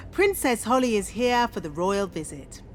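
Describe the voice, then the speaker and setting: A woman's voice: mid-range voice, big pitch swings, moderate pace, slight background noise, close to an everyday voice. A woman voicing Nanny Plum, a fussy fairy nanny. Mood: bossy.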